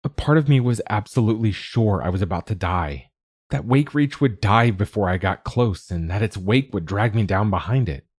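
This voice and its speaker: A loving father speaks to his scared daughter in a low, husky voice, read by a male narrator. He is firm but gentle, earnest and reassuring, and the dry, close sound keeps it intimate. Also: animated, normal speed, no room sound.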